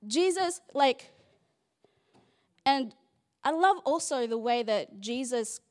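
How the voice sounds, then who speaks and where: A woman's voice: high-pitched, animated, slow. A woman giving a casual, chatty Bible study talk, playful and full of "like" fillers.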